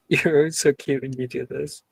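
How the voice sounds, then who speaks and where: A man's voice: a little high, fairly even intonation, takes it slowly, creaky, husky, no room sound. A man playing a tabletop game in character, rambling and playful, often breaking into laughs. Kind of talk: in-character role-play.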